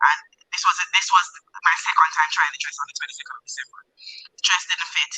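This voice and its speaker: A woman guest telling a personal story in a casual, animated way, laughing at times. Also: sits low, fast, husky. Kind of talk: casual storytelling over a call. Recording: muffled remote headset line.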